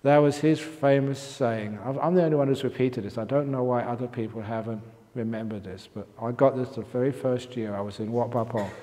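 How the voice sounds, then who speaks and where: Joking older monk in an echoing hall. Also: male voice, mid-range voice, fairly even intonation, a little fast, mellow. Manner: joking storyteller, occasional coughs. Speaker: Buddhist monk teacher. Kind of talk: humorous dharma talk. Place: meditation hall at a retreat. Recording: long hall reverb.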